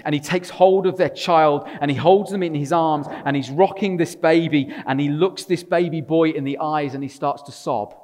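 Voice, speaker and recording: A man preaching a sermon to a congregation, swinging between loud emphatic passages and quiet, intimate storytelling with a touch of wry humor. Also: a little high, moderate pace, hardly any pauses. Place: church. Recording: long reverb of a large room.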